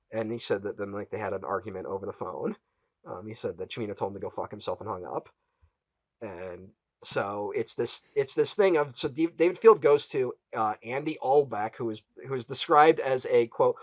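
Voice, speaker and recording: A man's voice: medium pitch, moderate pace, no echo, highs cut off. A man hosting a casual film podcast, retelling a story with quotes he acts out. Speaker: podcast host.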